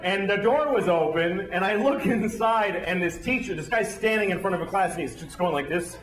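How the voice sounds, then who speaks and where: A man's voice: sits high, normal speed, distant mic. A man performing a crude stand-up set, telling stories and acting out bits. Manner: crude, animated storytelling with shouted impressions. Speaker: stand-up comedian. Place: comedy club stage. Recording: roomy club with loud audience.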